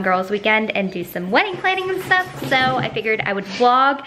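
A woman's voice: big pitch swings, moderate pace, background noise. Chatty young woman vlogging at home. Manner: chatty and upbeat, high sing-song voice for her dogs. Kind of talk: casual vlog chat. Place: home, indoors.

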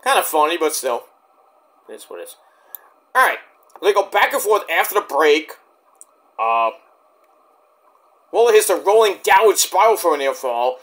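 Animated high-voiced man rambling a wrestling recap. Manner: rambling, filler-heavy, acts out wrestlers in shouted quotes. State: tired, says he is dead tired. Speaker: wrestling review vlogger. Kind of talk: casual recap and review.

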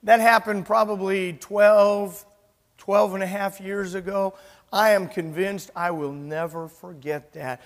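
A pastor preaching a sermon, an animated storyteller who acts out the dialogue of his story. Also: high-pitched, unhurried. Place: church sanctuary. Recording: church hall reverb.

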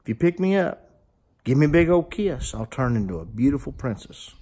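A man voicing a talking male bullfrog that softly pleads to be picked up and kissed. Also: mid-range voice, big pitch swings, brisk, slightly rough. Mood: pleading. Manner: soft, hushed pleading.

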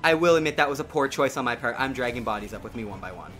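A man doing gameplay commentary, getting excited, cursing and muttering to himself as he plays. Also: medium pitch, racing, faint music behind. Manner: excitable, swears a lot, mutters to himself, yells at the game. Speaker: let's play gamer.

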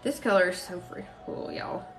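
A woman's voice: fairly low pitch, fairly quick, a bit bright, recorded from a distance, poor audio. A woman hosting a chatty live-stream crafting demo, bubbly and full of "y'all". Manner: bubbly, says "y'all" and "freaking" a lot. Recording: voice a bit off-mic, faint music behind.

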